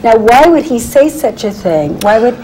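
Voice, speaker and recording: A woman hosts a political roundtable in a slightly higher voice, often stopping and restarting her questions. Faint noise sits under the recording. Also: expressive, moderate pace, warm tone, poor audio. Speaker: host.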